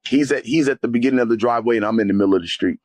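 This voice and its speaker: A man tells an emotional spiritual testimony with fervent conviction, often adding "man" and "brother". His voice is slightly husky and sits at a middle pitch. The recording is dry, with almost no room sound. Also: rapid-fire, darkish tone, dry recording. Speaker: guest sharing a testimony.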